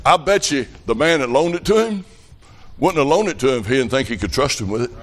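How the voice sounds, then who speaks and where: A middle-aged man with a Southern US accent preaching a revival sermon, telling folksy stories and building up to fervent shouts. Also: mid-range voice, lively intonation, fast talker, crowd noise.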